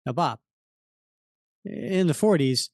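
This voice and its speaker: A man co-hosting a comic book chat, describing the pages in a drawn-out, unhurried way and padding his sentences with fillers. His voice sits fairly high for a man and sounds dry and close, with no room around it. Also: lively intonation, a little mellow, dry recording. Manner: unhurried, walks through panels with many fillers. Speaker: podcast co-host. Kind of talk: casual comic book discussion.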